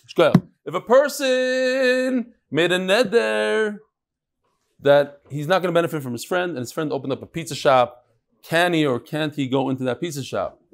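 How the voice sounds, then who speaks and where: In a classroom full of listeners, a man with a gravelly, medium-pitched voice teaches a daily Talmud class, exchanging jokes and playful teasing with those present.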